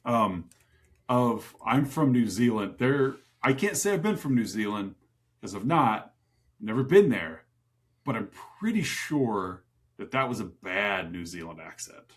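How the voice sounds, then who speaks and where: A man's voice: fairly low pitch, big pitch swings, a little slow. A man co-hosting a casual movie review podcast, easygoing and cracking dry jokes. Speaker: podcast co-host.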